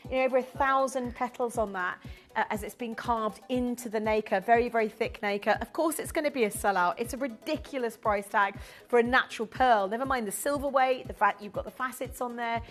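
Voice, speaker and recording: A woman presenting on a live shopping channel, pitching jewellery with eager, persuasive flow. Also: soft background music. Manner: enthusiastic, persuasive, fast-flowing.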